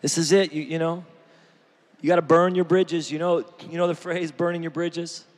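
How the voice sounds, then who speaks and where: A man preaching an energetic sermon, joking with the crowd and swinging from shouts to near-quiet. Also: a little high, moderate pace. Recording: long hall reverb.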